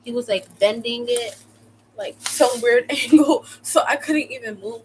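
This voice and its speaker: A young woman from the United States telling a personal story in a casual, slangy way, with sudden loud outbursts. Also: fairly high pitch, a little slow, a little hiss or hum, rough recording. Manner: animated, slangy, swings into loud exclamations. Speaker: vlogger.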